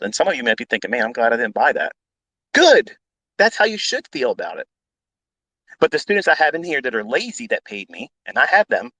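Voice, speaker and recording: A man's voice: medium pitch, fairly bright tone, dry recording, low-quality recording. Blunt, profane man, dry close sound. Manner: blunt, combative, swears freely, repeats himself for emphasis. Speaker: trading educator on a live audio space. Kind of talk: unscripted profane rant.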